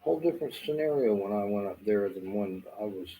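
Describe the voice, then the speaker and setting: A man's voice: on the low side, expressive, a little fast, phone-quality sound. A middle-aged man from Southwest Florida with a Southern accent, rambling casually to the camera with lots of fillers and cursing. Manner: meandering, swears freely, lots of fillers. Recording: faint background noise.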